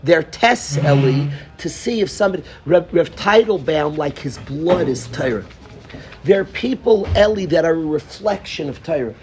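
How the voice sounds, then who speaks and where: A yeshiva rabbi gives his students an informal Torah lesson in a fairly high voice at a moderate pace, with a little hiss or hum in the recording. He's animated, acting out little dialogues, calling on students by name, and repeating phrases for emphasis.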